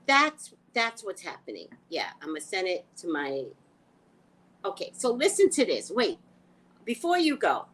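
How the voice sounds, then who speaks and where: A tarot reader hosting a live stream vents straight to the camera in a casual rant, her pitch swinging widely. She's exasperated, profane, and animated but unhurried, breaking off to greet viewers, and the audio is poor.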